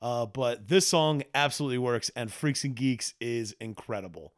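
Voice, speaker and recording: A man's voice: mid-range voice, normal speed. A man co-hosting a podcast, chatting casually and animatedly with frequent laughs. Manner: animated, laughs often, quotes scenes in put-on voices. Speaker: podcast co-host. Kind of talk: casual chat.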